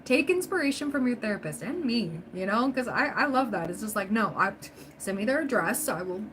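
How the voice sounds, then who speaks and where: A woman's voice: a little high, very animated, a little fast, a bit bright. Female tarot streamer, casual encouraging chat, noisy home mic. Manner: chatty, encouraging, frequent laughs and fillers. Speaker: tarot reader livestream host.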